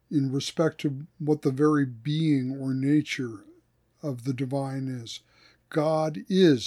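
A man, a theologian, talking through ideas in a thoughtful podcast discussion and reading quotes slowly. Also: medium pitch, dark tone.

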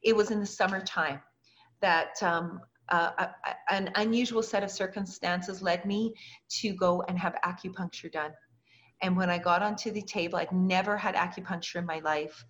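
A woman's voice: lowish voice, fairly even intonation, moderate pace, fairly bright tone. A woman, a guest in an interview, telling a personal story earnestly and acting out the voices of the people she quotes. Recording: dull lo-fi recording.

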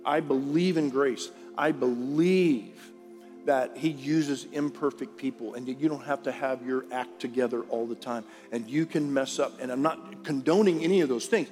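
Moderately paced and a little mellow, this mid-range male voice belongs to a pastor addressing his congregation. His sermon is direct and chatty, full of questions to the audience, captured in a reverberant large auditorium with faint music.

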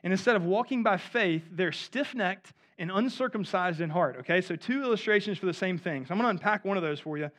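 A man's voice: high-pitched, animated, fairly quick, few pauses, a bit bright. A man in his thirties preaching a sermon in a conversational way, often asking his listeners "right?". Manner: conversational, asks the audience "right?". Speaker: pastor.

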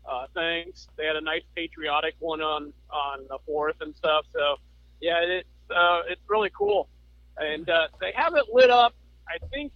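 A man's voice: fairly high pitch, dry recording, narrow, tinny audio. A man co-hosting a casual podcast chat, easygoing and joking, calling in remotely. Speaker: podcast co-host.

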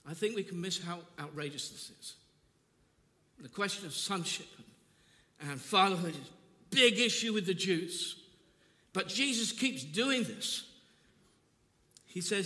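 Older male preacher, impassioned, repeats phrases; bright, forceful tone in a reverberant church hall. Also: sits high, animated, unhurried, long pauses. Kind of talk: sermon. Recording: long reverb of a large hall.

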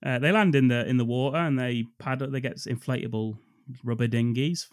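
A man's voice: medium pitch, a little fast, no echo, studio quality. A man co-hosting a film podcast, recapping scenes in a jokey way and laughing often. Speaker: podcast co-host. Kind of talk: casual chat.

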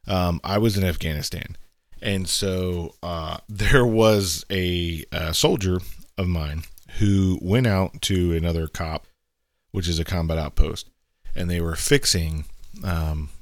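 A man in his thirties hosts a podcast, casually telling a story in a low-pitched voice with clean studio sound and no room sound. He's animated, acts out the quoted voices in the story, and laughs while telling it.

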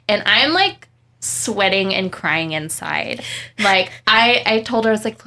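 A young woman co-hosts a casual, adults-only podcast with a creaky, gravelly texture to her mid-pitched voice. She rambles through stories, swearing freely and laughing at her own misfortunes. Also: animated, measured pace, sharp tone. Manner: profane, rambling storytelling with laughs. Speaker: podcast co-host, dog groomer. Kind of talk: casual chat.

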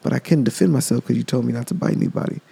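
A man's voice: mid-range voice, racing, gravelly, warm tone, slightly rough, exaggerated voice. A man voicing a meek, beaten-down snake in a spoken parable, talking hesitantly. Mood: dazed. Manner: dazed, hesitant, mumbling. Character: casual streetwise male snake, meek and beaten.

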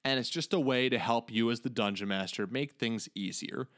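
A man's voice: mid-range voice, normal speed, fairly bright tone. A man co-hosting a tabletop gaming podcast in casual chat, explaining things with enthusiasm. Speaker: podcast co-host.

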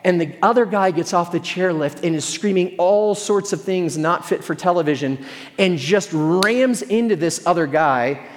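A man's voice: sits high, normal speed, in a large hall. A male pastor giving a sermon in a conversational, storytelling way with self-deprecating humor.

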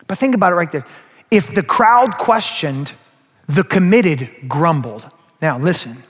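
A male pastor delivers a sermon in a rather high voice. He is animated and often speaks straight to his listeners. His words ring out with the long reverb of a large hall. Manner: animated, acts out quoted voices, addresses the crowd directly. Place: church sanctuary.

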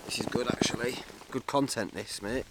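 A young man chats through a solo podcast from inside his tent, full of jokes at his own expense. His voice sits at an ordinary middle pitch. He talks into a small mic mounted on his camera. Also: normal speed, fairly bright tone, slight background noise. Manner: jokey, chatty, self-mocking. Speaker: podcast host. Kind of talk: rambling solo podcast chat.

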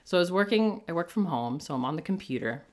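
A middle-aged woman with a low voice tells a personal story on her podcast. She talks casually and with animation, acting out what people said and laughing as she goes. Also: fast talker. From New England. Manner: animated, jumps into quoted voices, laughs often. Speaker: podcast host.

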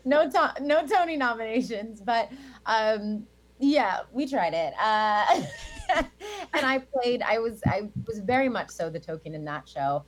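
A woman's voice: medium pitch, lively intonation, unhurried. An American woman in her thirties, a Broadway actress chatting as an interview guest, with lots of fillers and frequent laughter. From United States. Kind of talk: casual interview chat.

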